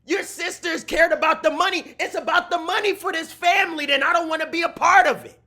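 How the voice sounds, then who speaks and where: A man live-streaming his reaction to a game show, shouting with excitable, playful mock outrage. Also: very high voice, brisk. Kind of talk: loud reaction commentary.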